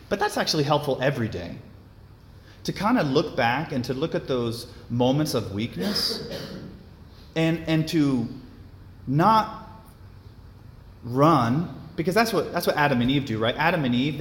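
A man's voice: on the high side, a little hiss or hum. Conversational young man preaching in an echoey hall. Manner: conversational, filler-heavy with frequent restarts. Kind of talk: sermon.

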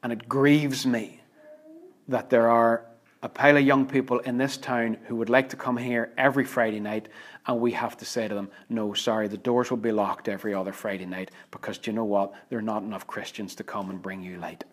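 A man's voice: mid-range voice, fairly even intonation, a little fast. A man preaching a sermon, earnest and emphatic, sometimes dropping almost to a whisper. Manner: earnest, emphatic, with dramatic drops to near-whisper.

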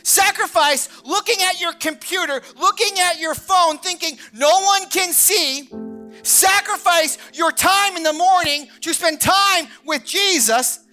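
A man in his thirties, a pastor, preaching a sermon that opens with a personal story, animated and acting out the people he quotes. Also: very high-pitched, unhurried, faint music behind. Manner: animated storyteller, acts out quoted voices, many fillers like "like".

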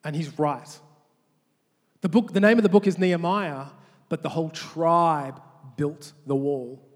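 In a large church hall, a male pastor with a fairly high voice delivers a sermon with call-and-response. He is animated and quick to restart his sentences. His words ring out with a long reverb tail.

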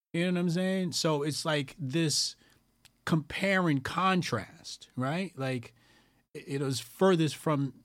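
Animated, profane man hosting commentary. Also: medium pitch, no echo, studio quality. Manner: animated, profane, repeats phrases for emphasis. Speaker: call-in show host. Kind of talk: casual commentary.

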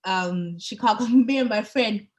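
On a podcast, a female co-host chats casually and gets worked up about politics, full of fillers and restarts. Her pitch is medium and her pace a little slow.

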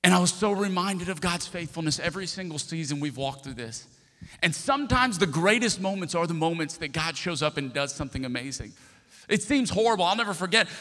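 A man from Texas preaching a sermon as a pastor, telling a story and acting out the dialogue in it. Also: sits high. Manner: animated storyteller, acts out dialogue. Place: large church hall. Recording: long reverb of a big church hall.

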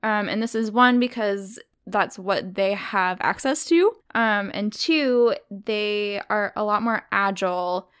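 Chatty Southern woman, smooth voice. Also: mid-range voice, takes it slowly, hardly any pauses, a bit bright. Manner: chatty, laughs often, many fillers. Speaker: podcast co-host telling a story. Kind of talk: casual chat.

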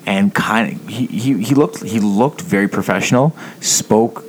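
A man's voice: fairly low pitch, moderate pace. A man in casual conversation, telling funny stories and quoting people as he goes. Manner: laid-back storyteller, quotes people in lively bursts. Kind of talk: casual chat. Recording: background noise.

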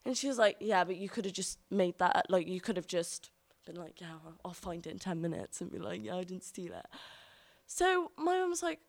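A woman's voice: fairly low pitch, fairly quick, creaky. Young girl telling a story on stage, bouncy, does everyone's voices. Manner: lively, acts out the voices of family in her tale. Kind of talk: live storytelling.

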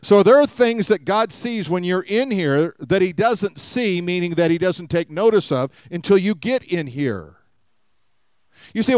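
A man's voice: high-pitched, lively intonation, moderate pace, a little mellow, clean tone, no room sound. A man preaching a conversational sermon to a live congregation, often asking them questions. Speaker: pastor. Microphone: live-streamed service mic.

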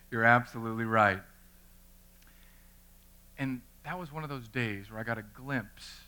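A man in his thirties, a pastor, preaching a sermon through an animated personal story and acting out the voices in it. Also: medium pitch.

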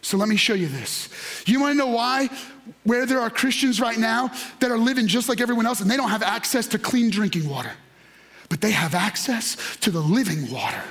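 A man preaching a sermon, with emphatic repetition, building to shouts and leading the congregation in call-and-response. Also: very high voice, a little fast. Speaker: pastor.

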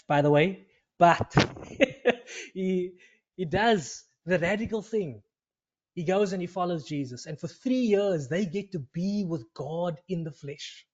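A man preaches with earnest conviction and retells scripture as a lively story. He comes back to key phrases again and again. His voice sits fairly high, and the recording sounds dull and lo-fi. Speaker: pastor. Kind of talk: sermon.

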